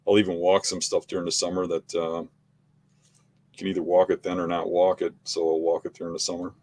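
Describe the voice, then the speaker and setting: Low-voiced man, unhurried and matter-of-fact. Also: level tone, a little mellow. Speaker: podcast co-host, hunting guest. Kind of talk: casual conversation.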